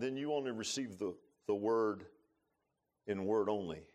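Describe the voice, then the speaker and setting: A man preaching an earnest, emotional sermon in a church, with rising bursts and soft confessional drops. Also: on the low side, moderate pace. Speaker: pastor. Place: church sanctuary.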